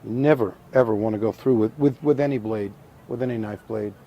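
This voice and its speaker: A middle-aged man calmly demonstrating a hands-on craft step by step, methodical and repetitive with a touch of dry humor. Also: fairly low pitch, fairly quick, lo-fi sound. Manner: calm, methodical, repeats instructions, dry humor. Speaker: taxidermy instructor.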